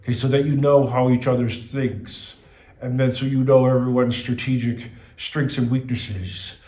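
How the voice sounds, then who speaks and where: A man voicing a portentous floating head that delivers messages from the other side, slow and solemn, with a constant "okay?" in a roomy, echoey space. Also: mid-range voice, fairly even intonation, dark tone, lightly acted. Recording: roomy echo.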